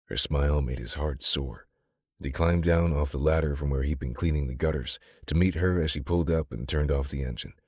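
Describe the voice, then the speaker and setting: A man narrating a romance audiobook in a steady, intimate storytelling manner, recorded close on a studio mic. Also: extremely low pitch, fairly quick, slightly rough, no echo. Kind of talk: scripted narration.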